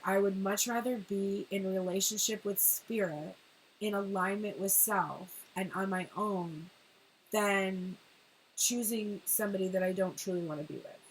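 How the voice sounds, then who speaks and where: A woman doing a casual tarot reading, talking in an animated way, swearing and laughing often. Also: mid-range voice, slight background noise, rough recording. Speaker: tarot reader.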